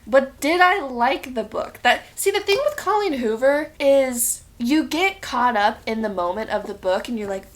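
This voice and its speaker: A woman's voice: high-pitched, animated, moderate pace, hardly any pauses. Chatty woman reviewing books. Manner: chatty, talks straight to viewers; acts out her own thoughts in quotes. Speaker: book reviewer. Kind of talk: casual sit-down chat.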